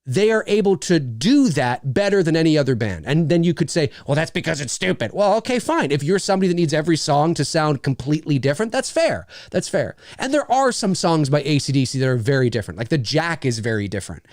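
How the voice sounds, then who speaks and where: Lively, swearing man on livestream. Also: on the high side, fast, few pauses, no room sound, studio quality. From Canada. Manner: profane, rambling, enthusiastic. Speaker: livestream host. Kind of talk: casual livestream chat.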